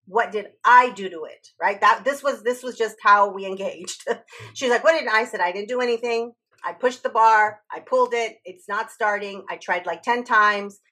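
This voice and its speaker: A woman's voice: mid-range voice, normal speed, pushed and bright. A woman telling a personal story in a candid conversational podcast, swearing freely and acting out quoted dialogue.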